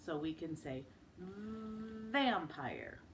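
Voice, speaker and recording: A woman teaching a children's phonics lesson. She models each sound slowly and with exaggeration, and breaks into sing-song chants. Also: on the low side, expressive, fairly bright tone, a little hiss or hum. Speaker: speech and language teacher.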